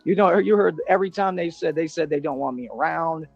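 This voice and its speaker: A man in a played video clip, ranting and boasting in street slang, defiant toward his critics. His voice is gravelly and husky, pitched a bit high for a man, with faint music underneath. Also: brisk, dull audio. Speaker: self-styled independent detective in a played video.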